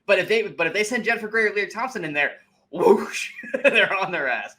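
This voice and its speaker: A man co-hosting a movie review podcast, chatting casually in an animated, profane way and acting out scenes in mocking voices. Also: high voice, fast talker. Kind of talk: casual chat.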